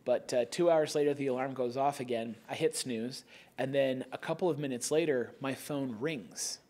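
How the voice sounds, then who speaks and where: A man's voice: medium pitch, moderate pace, darkish tone. A man co-hosting a podcast, telling a story in a wry, self-mocking way. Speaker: podcast co-host. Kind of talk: casual storytelling chat.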